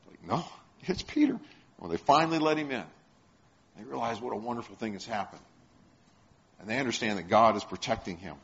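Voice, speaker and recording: A man's voice: a little high, a bit bright. Man preaching a storytelling sermon. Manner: storytelling, asks the congregation questions. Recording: dull lo-fi sound.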